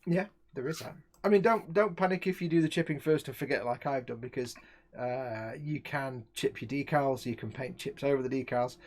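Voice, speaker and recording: A man hosting a casual live-stream chat, explaining things at length and joking around. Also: medium pitch. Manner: chatty, explains at length, jokes. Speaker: host.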